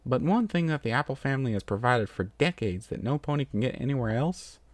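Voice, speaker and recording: A man voicing a folksy country farm mare with a drawl, loud and proud in a storybook reading. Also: mid-range voice, expressive, brisk, no echo, close to an everyday voice.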